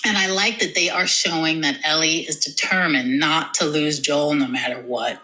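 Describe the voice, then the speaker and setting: Woman, podcast co-host, bright tone, casual and lively, talks fast when she gets going. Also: sits low, low-quality recording. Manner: animated, opinionated, quick asides with restarts. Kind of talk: casual chat about a TV episode.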